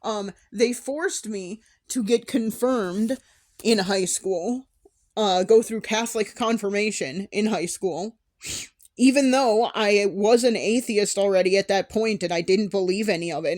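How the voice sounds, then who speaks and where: A woman's voice: medium pitch, a little mellow. A young adult woman talking candidly in a personal vlog, emotional, with sighs and restarts. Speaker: vlogger.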